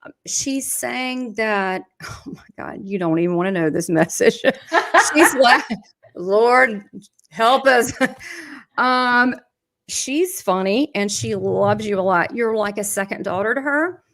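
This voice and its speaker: A woman's voice: medium pitch, expressive, unhurried, fairly bright tone. Chatty Southern woman giving a reading. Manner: chatty, laughs often, relays quotes from spirit. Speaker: psychic medium. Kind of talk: live medium reading.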